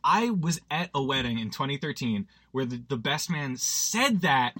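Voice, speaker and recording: A man's voice: mid-range voice, sing-song, moderate pace, a bit bright, slightly rough, no echo. A man hosting a podcast, recapping a horror movie in a rambling, self-deprecating way with lots of asides. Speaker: podcast host.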